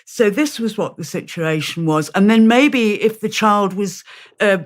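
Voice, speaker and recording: Measured woman guest in mid pitch. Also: lively intonation. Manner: thoughtful and measured, acts out parents' questions in quotes. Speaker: guest, founder of a parents' organization. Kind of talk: conversational interview.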